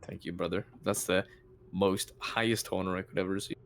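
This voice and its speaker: A man's voice: sits low, fairly even intonation, a little fast, fairly bright tone, slight background noise. A man playing in a tabletop game, chatting and joking playfully with the other players. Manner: playful, jokey banter. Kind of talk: casual chat at a tabletop game.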